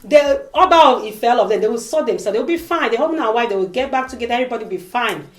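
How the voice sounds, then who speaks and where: A woman vlogger speaks rapid-fire in a fairly high voice, her casual talk emotional and emphatic. She animates quoted voices by acting them out, all captured in an echoey room.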